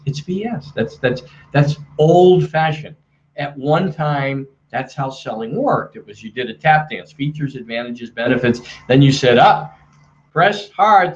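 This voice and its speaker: Man, middle-aged, sales trainer, energetic webinar talk, muffled audio, faint hiss. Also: medium pitch. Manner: energetic, acts out quoted dialogue. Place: hotel room.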